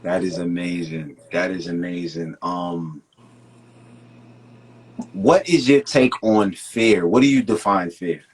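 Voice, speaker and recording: A man's voice: deep voice, slow pace, breathy edge, rough recording. A man hosting an interview, talking loosely and colloquially with many hesitations. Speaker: host. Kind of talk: casual interview talk.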